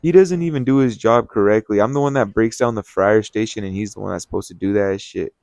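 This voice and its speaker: A young restaurant manager vlogs to camera about a workplace incident, profane, heated and animated, calling his viewers "guys." His voice is fairly low with vocal fry, and he talks fast. The recording is dry, with faint music in the background.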